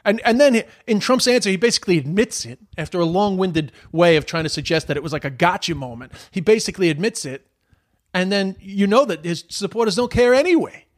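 A man with a noticeably high-pitched voice delivers a heated political rant. He sounds exasperated and swears freely as he talks. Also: animated, fairly quick. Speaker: commentator.

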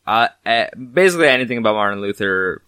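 A man's voice: lively intonation, fast talker, sharp tone, smooth, dry recording. A man co-hosting a podcast, playing the joker with goofy questions and cracks. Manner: goofy, joking, swoops in pitch. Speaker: podcast co-host. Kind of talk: casual podcast banter.

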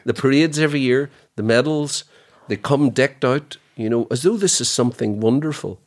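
A man's voice: mid-range voice, moderate pace. A man, co-hosting a podcast and arguing his points emphatically with sardonic asides. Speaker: podcast co-host. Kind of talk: casual podcast debate.

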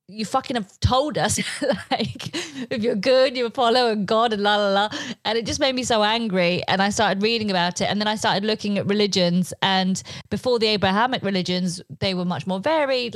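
A woman's voice: mid-range voice, no echo, poor audio. A woman comedian from England, chatting as a guest and telling stories with lots of swearing. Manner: animated storyteller, swears freely, acts out quotes. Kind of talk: casual interview chat.

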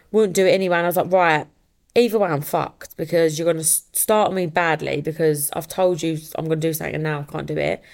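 A woman's voice: fairly low pitch, darkish tone. A woman hosting a casual solo podcast, telling a story in a chatty way and acting out the voices she quotes. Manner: swears casually. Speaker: podcast host.

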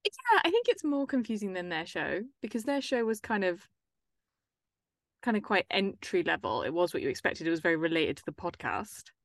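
A woman hosts a casual podcast with a lively, bouncing voice, teasing her co-host and laughing easily. The recording is dry and close. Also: fairly low pitch, moderate pace, dry recording. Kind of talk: casual chat.

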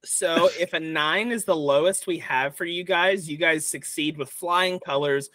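Running a tabletop session as dungeon master, this young man rambles through the choices with plenty of filler words. He speaks at a measured pace in a bright, somewhat high voice, recorded dry and up close.

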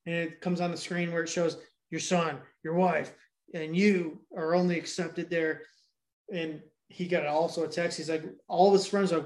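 A man's voice: on the high side, flat delivery, moderate pace. A young man on a podcast, retelling a movie plot at length in a rambling, swear-heavy casual chat. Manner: rambling, heavy swearing, laughs while telling. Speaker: podcast co-host.

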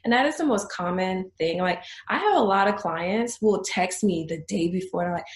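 A woman of middle pitch talks through her photo shoots in an easygoing interview, bouncing into quoted clients in a higher voice. Her voice carries a roomy echo. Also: normal speed. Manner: lively, acts out her clients in a high voice. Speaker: boudoir photographer. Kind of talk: casual interview storytelling.

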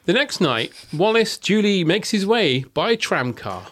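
Man, podcast storyteller, wry, deadpan jokes, casual. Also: high voice, a little slow. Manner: wry, deadpan asides while narrating. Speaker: podcast host telling the story.

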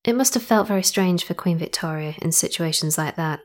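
A young woman with a slightly low voice narrating her podcast in a relaxed, conversational way. She wanders into side remarks and restarts her sentences as she goes. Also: brisk. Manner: chatty, rambling asides and self-corrections. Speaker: podcast host.

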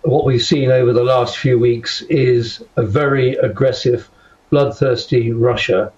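Older man, interview guest, firm measured delivery, muffled remote link sound. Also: medium pitch, fairly even intonation, a little mellow. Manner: measured, firm, stresses key words. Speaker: guest commentator.

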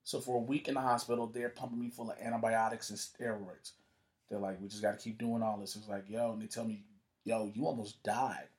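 A man with a lowish voice speaks a little fast, telling a story as a guest in casual conversation. His style is profane and animated, with performed voices for everyone he quotes.

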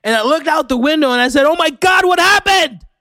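A breathless, overdramatic woman eyewitness gushes about a crash in a squealing high voice, as a man puts her on. Her voice jumps far above a normal speaking register. The sound is dry and close. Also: lively intonation, a little fast, sharp tone, no echo, heavily acted. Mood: shocked. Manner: gasping, overdramatic. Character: shocked breathless female eyewitness, gushing.

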